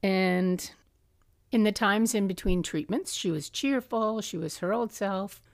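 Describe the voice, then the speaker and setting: A woman's voice: mid-range voice, unhurried, vocal fry, no room sound, clean studio sound. A middle-aged woman hosting a podcast, telling personal family stories in a chatty way, laughing often and acting out quotes. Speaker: podcast host. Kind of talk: personal storytelling.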